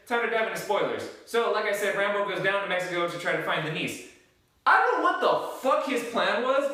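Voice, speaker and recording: Male film reviewer, high bright voice, blunt and profane, rambling delivery, distant mic in a very echoey room. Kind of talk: casual spoken movie review.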